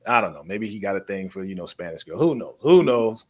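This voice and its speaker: A man hosting a casual TV recap chat, lively and acting out characters' lines as he goes. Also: lowish voice, brisk. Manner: animated, acts out characters' lines. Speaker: host.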